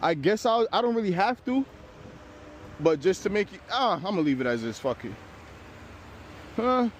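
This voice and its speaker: A brisk, high-pitched man hosts a casual tow vlog, out of breath as he works. He talks his viewers through it in a laid-back way, swearing casually, moving between the street and a pickup truck with faint traffic sounds in the background.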